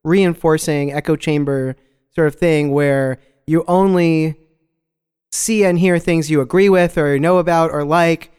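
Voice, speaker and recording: A man's voice: a little high, steady tone, measured pace, a little mellow, smooth, in a large hall. A man co-hosting a casual discussion podcast. He agrees often with "right" and lays out his reasoning point by point. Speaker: podcast co-host.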